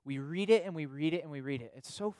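Fairly high in pitch yet darkish in tone, this man talks fast in an echo-free recording. His preaching is conversational, full of "right?" tags and repetition, fitting a pastor or youth leader.

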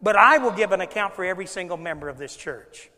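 A male pastor with a high-pitched voice preaches in a church. He swings between loud emphatic lines and hushed asides, and he acts out the people he quotes. His voice carries a long, ringing reverb from the sanctuary. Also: animated, quick pace. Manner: preaching with dramatic swings in volume, acting out quoted speakers. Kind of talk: sermon.

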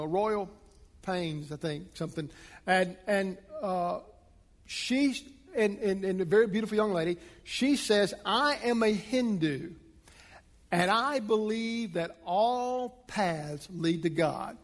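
A man preaching a sermon as a pastor, speaking emphatically and building to forceful points. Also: long reverb tail. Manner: emphatic, rising to a preaching pitch.

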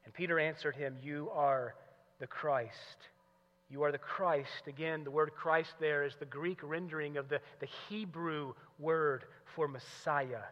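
A man preaching a sermon, moving between hushed teaching and loud, emphatic passages. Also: fairly high pitch, fairly even intonation, a little slow. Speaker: pastor. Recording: muffled recording in a large hall.

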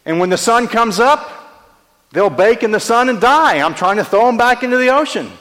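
A man voicing a calm, earnest young boy who explains himself plainly. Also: very high voice, moderate pace, in a large hall, voice pushed up.

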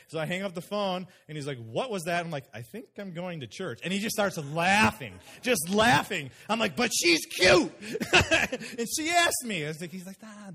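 Brief: man in middle age, pastor, lively storytelling sermon, high voice. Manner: animated, acts out quoted people.

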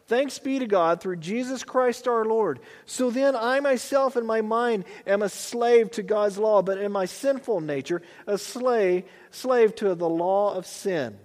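A man preaching a sermon as pastor, reading scripture slowly and then building with rising emphasis. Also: sits high, a little mellow, long reverb tail.

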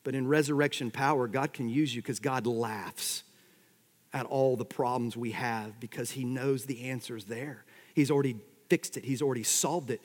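A man preaching a sermon with wry humor. His loudness swells and drops suddenly as he drives his points home. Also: mid-range voice, fairly even intonation, moderate pace, big-room sound. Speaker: pastor.

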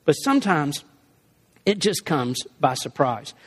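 A man with a high-pitched voice gives a storytelling sermon in a loose, animated, conversational style. He trips over and restarts his phrases as he goes. The sound carries the long reverb of a large hall. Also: a little slow, husky. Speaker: preacher.

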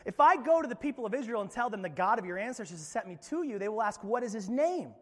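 A man's voice: high voice, sing-song, quick pace, big-room sound, voice pushed up. A man voicing a whiny, doubting, elderly Moses who demands proof and makes excuses. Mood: whiny, anxious.

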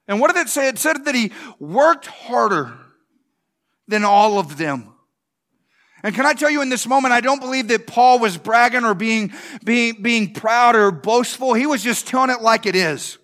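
Male pastor, 30s, high voice, folksy preaching full of rhetorical questions. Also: animated, measured pace, a bit bright. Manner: conversational, repeats "can I tell you", restarts. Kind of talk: sermon.

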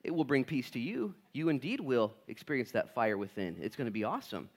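Lively, animated male pastor preaching. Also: mid-range voice, brisk. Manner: animated, acts out quoted dialogue, casual slang. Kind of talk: sermon. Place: church sanctuary.

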